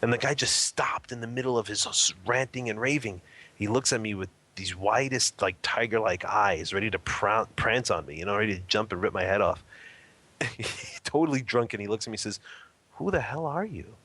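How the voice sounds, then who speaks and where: A man telling an anecdote in a casual, animated way, laughing often and acting out what people said. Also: lowish voice, a little fast. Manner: animated, laughing often, acts out quoted lines. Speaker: interview guest. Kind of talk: casual storytelling.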